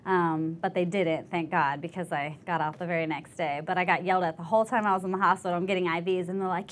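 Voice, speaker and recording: A young woman veteran telling her story in an oral history interview, candid and animated, acting out the voices of others. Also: lowish voice, quick pace, few pauses. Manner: candid storytelling, acts out quoted voices, laughs easily.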